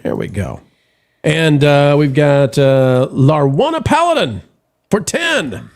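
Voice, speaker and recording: This live-stream host reads viewers' messages aloud in a rambling, filler-heavy way, often starting over. His fairly high voice has a sing-song lilt and a slow pace.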